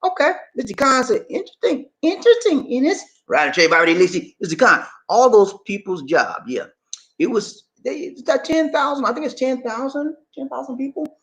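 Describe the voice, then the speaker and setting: Chatty New man with a lively voice. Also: extremely high pitch, normal speed. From New York. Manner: loose and chatty, repeats phrases, chuckles often. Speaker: livestream host. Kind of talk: casual livestream chat reading viewer comments.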